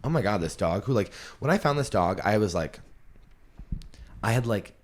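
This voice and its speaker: A man's voice: on the low side, expressive, moderate pace. A young adult man hosting a podcast, telling a story in a candid, rambling and emotional way. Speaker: podcast host and comedian. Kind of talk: casual storytelling chat.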